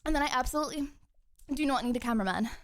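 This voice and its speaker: A young adult woman streamer chatting with her viewers in her home kitchen, excitable and joking, out of breath from standing and kicking. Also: high voice, racing, slight background noise. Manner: bubbly, excitable, joking with chat. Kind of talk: casual live-stream chat. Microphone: streaming mic, wearing headphones.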